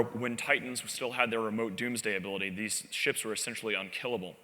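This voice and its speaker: A man with a lower voice gives a live talk from a convention stage, his tone sharp and bright. He speaks conversationally, with plenty of "uh"s and dry, emphatic asides. A long hall reverb trails behind every phrase. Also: steady tone, fast. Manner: conversational, frequent "uh" fillers, wry emphasis. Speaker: conference speaker. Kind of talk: live presentation to an audience.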